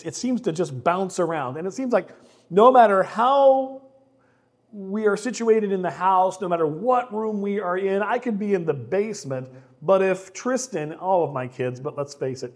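Middle-aged male pastor, fairly high voice, chatty, self-deprecating sermon delivery. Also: darkish tone. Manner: conversational, self-deprecating, repeats words when starting sentences.

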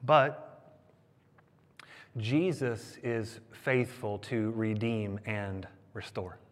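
A man preaching a sermon, animated and conversational, with joking asides to the congregation. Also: on the low side, very slow. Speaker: pastor. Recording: long hall reverb.

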